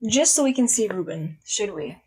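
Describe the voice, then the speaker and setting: A young woman live streaming, chatting casually with her chat, blunt and swearing freely, her voice swinging from loud to hushed. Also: medium pitch, lively intonation, normal speed, husky, rough recording.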